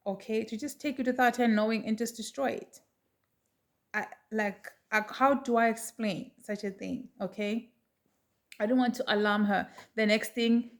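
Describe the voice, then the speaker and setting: A middle-aged woman telling a personal story to her viewers in a chatty, animated way. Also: on the high side. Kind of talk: casual storytelling to camera.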